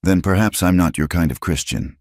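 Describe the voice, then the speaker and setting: A man's voice: low-pitched, a little fast, a little mellow, dry recording, clean studio sound. A man voicing a young frontier woman who speaks firmly and with defiance. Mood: defiant. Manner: firm, calling out.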